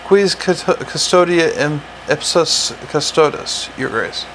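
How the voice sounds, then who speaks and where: A man reading the part of a prim, pedantic little male inspector, speaking calmly, precisely and formally. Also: on the high side, slow, a little hiss or hum, low-quality recording. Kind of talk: audiobook character reading.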